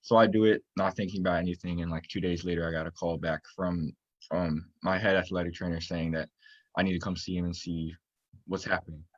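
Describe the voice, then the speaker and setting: A man's voice: sits low, steady tone, fairly quick, dry recording, muffled recording. A young man from Florida, a student-athlete guest, telling his story earnestly in a casual interview, rambling with many fillers. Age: young adult.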